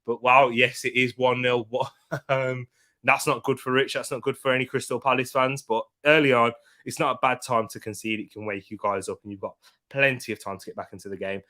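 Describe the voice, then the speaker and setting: A young man hosting a live football watchalong stream from home, tired, chatting casually, giving slangy shout-outs and reading out viewers' comments. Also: mid-range voice, level tone, fairly quick. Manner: chatty, greets viewers and reads out chat comments.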